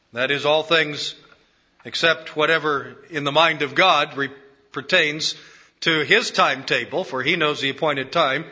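A man delivering a sermon, slowing down and repeating key phrases to drive them home. His voice is fairly high for a man and very bright and forceful. The recording is a little muffled and lo-fi. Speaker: preacher.

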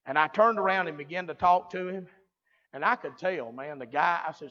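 A man's voice: on the high side, brisk, bright, forceful tone. A man preaching a revival sermon, telling a story and building to fervent preaching. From American South. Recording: muffled lo-fi recording.

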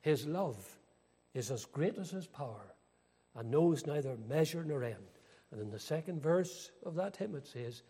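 A man's voice: on the high side, animated, a little slow, dark tone, breathy edge. An older man preaching a sermon earnestly, with dramatic rises and falls. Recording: long hall reverb.

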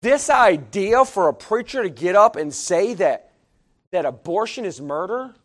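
A middle-aged man preaching a sermon, emphatic, swinging between hushed and loud delivery. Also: high voice, lively intonation, measured pace.

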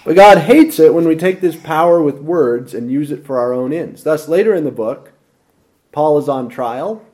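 A man preaching a lively expository sermon with dramatic emphasis. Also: a little high, normal speed.

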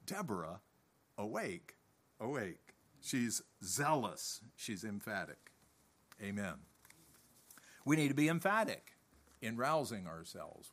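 A man preaching a sermon with emphatic repetition, who often clears his throat and whose voice rises and drops away. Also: a little high, a bit bright. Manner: slow, deliberate delivery that swells and drops off.

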